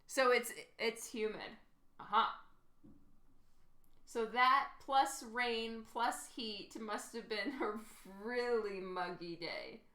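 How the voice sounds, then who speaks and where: A woman's voice: fairly high pitch, slow, sharp tone, roomy sound. A woman in her thirties, an artist chatting casually with her live-stream viewers while she draws, giggly and chatty. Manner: giggly, chatty, reads chat aloud.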